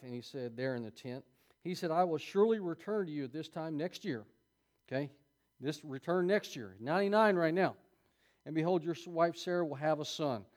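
Folksy preacher man, slightly high voice. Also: darkish tone. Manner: folksy, laughs often, asides to the congregation. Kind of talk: sermon reading and commenting on scripture.

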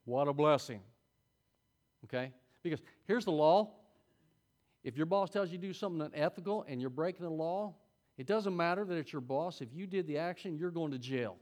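A man's voice: fairly high pitch, moderate pace. Folksy middle-aged man preaching. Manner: folksy, conversational preaching with sudden loud peaks. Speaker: Sunday school teacher. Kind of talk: sermon.

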